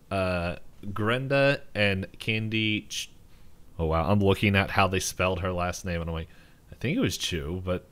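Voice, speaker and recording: Lowish-voiced man rambling through a recap. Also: a bit bright, clean tone. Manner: rambling, laughs often, quotes characters in raised voices. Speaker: podcast co-host. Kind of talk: casual chat recapping an episode.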